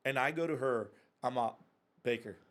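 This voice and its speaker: An animated man in his thirties spins anecdotes as a podcast guest. He swears freely and laughs through his own story, speaking in a casual, unpolished way. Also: medium pitch, normal speed. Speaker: podcast guest, whiskey club and bar owner.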